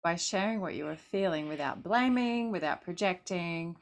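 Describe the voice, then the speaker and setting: A woman co-hosting a podcast, reflecting back in a calm, affirming coaching manner during casual chat. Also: lowish voice, moderate pace, slight background noise.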